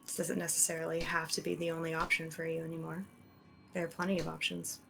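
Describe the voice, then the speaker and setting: A woman playing in a tabletop game, speaking in character in a measured, gentle way with hesitant restarts. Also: deep voice, monotone, gravelly, background noise. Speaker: player. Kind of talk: tabletop role-play in character.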